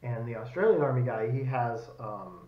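A man's voice: medium pitch, animated, normal speed. An American man co-hosting a podcast, telling a long rambling story in casual chat with many fillers, on a lapel mic. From United States. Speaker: podcast co-host. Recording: echoey room, slightly dull sound.

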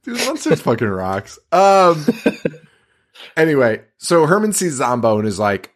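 A male podcast co-host talks through a movie's plot in loose, casual chat. His pitch swings widely as he gets worked up, and he curses freely. Now and then he drops into mock voices for the characters. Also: unhurried. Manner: animated, swears a lot, acts out characters' lines.

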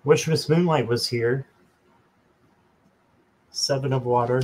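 Laid-back man hosting a live stream, unhurried, jokey, mid-pitched voice. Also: fairly even intonation, a little mellow, rough recording. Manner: slow, chatty, talks to viewers by name, jokes. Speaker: tarot reader and channel host. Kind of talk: casual live-stream chat.

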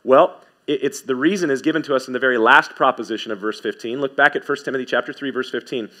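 A man preaching a sermon as pastor, emphatic, repeating key phrases and swinging from quick asides to slow, stressed words. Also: medium pitch, pushed and bright.

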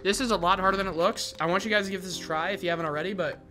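Bright-voiced excitable gamer guy. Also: high voice, racing, soft background music. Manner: excitable, casual gamer slang. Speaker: gaming content creator. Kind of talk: gameplay commentary.

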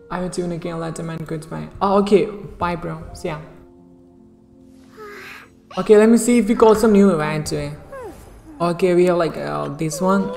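Excitable woman streamer in an echoey room. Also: creaky. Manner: chatty, repeats "okay" and "bro", bursts into high excited shrieks. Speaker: game streamer. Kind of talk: casual live-stream chat while pulling in a gacha game.

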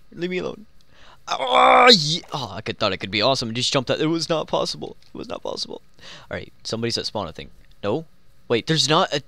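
A young man giving excitable, joking commentary while playing a game, talking to himself and the players around him. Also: mid-range voice, no echo. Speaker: gaming YouTuber. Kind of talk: live Minecraft gameplay commentary.

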